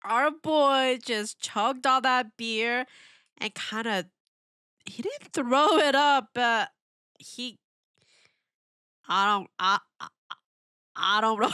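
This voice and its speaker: A woman hosting a reaction video in casual commentary, animated and exclamatory, laughing often and asking lots of questions. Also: on the high side, slow pace, long pauses, clean tone, no echo, studio quality. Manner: asks rhetorical questions.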